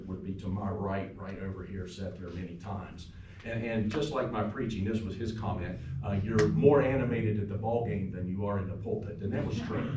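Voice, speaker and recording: A man, a pastor, delivering a funeral eulogy, telling anecdotes that sometimes drop to a soft, quiet tone. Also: fairly low pitch, noisy background. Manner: storytelling, warm anecdotes, turns soft and quiet at times. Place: funeral home chapel. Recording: echoey room from far off.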